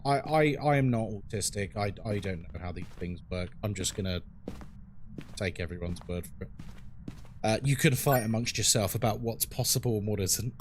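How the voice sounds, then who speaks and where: A man's voice: medium pitch, a little hiss or hum. A man with a London accent, chatting frankly on a live game stream and answering his chat as he plays. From England.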